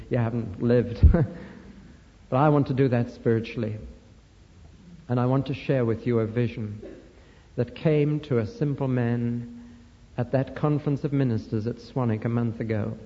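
A man's voice: medium pitch, moderate pace, muffled recording. Man preaching in a reverberant hall. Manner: warm storytelling, building to fervent emphasis. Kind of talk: sermon storytelling.

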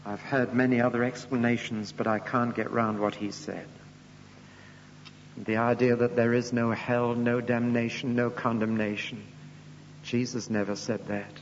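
A man with a mid-pitched voice preaches in a solemn, emphatic way, swinging from hushed gravity to loud, rising peaks. The recording is muffled and lo-fi, with a long echo from a large hall and a faint hum underneath. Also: flat delivery, a little slow. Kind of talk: sermon. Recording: reverberant hall, dull lo-fi sound with faint hum.

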